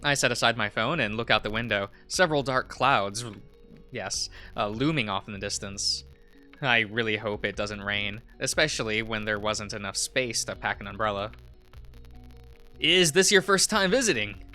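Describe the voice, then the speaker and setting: A man's voice: fairly low pitch, steady tone, moderate pace, pushed and bright, faint music behind. A man streaming a visual novel, reading it aloud with chuckling asides.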